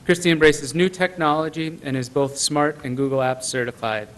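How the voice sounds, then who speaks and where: A man's voice: fairly high pitch, steady tone, moderate pace, poor audio. A man who coordinates technology for the schools, earnestly reading a tribute to teachers into the record with many small fillers. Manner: earnest, many ums and uhs.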